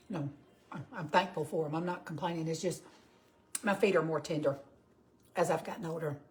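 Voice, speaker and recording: A woman in her fifties from Georgia speaks with a Southern US accent in a lowish voice with a darkish tone. She chats casually on her cooking livestream, greeting viewers by name and reading out their comments.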